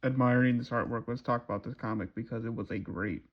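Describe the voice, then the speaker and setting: A man talks through a new comic for his viewers in an easygoing, chatty way. His pitch sits in the middle of the range, and he drops a casual curse now and then. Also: quick pace, lo-fi sound. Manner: relaxed, chatty, swears casually. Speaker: comic book reviewer. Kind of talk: casual comic recap vlog.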